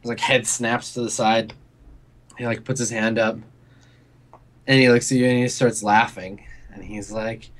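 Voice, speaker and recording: A man's voice: mid-range voice, fairly even intonation, normal speed, pauses often. Casual, rambling game master, a man. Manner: casual, rambling with many fillers. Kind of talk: narrating a tabletop game.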